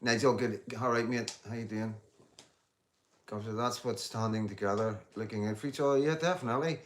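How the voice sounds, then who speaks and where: A man's voice: on the low side, brisk, slight background noise. A man, hosting a casual livestream and talking bluntly to viewers, swearing freely as he reads out their comments. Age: 50s. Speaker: livestream host.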